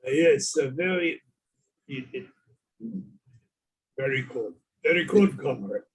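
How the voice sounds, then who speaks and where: A man's voice: mid-range voice, expressive, slow pace, husky, voice pushed down. A man voicing a vodka-loving Russian, speaking clipped broken English in a put-on Russian accent. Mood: deadpan.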